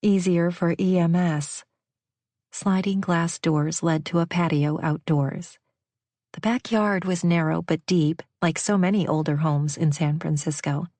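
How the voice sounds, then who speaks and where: A woman narrating a novel in a measured, even way on a close studio mic. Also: deep voice, no room sound. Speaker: audiobook narrator. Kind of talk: scripted narration.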